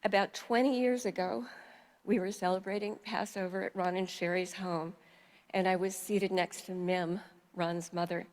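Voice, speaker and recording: Older woman delivering a eulogy in a memorial hall, heartfelt, measured, long reverb. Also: fairly low pitch, fairly even intonation, a little mellow. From New York. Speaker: eulogist, family friend.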